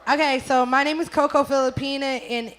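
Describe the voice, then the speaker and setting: Loud-mouthed woman on a talk show, cursing, a bit high-pitched. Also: fairly even intonation, a little fast. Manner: brash, profane, playful. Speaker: guest. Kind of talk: casual chat.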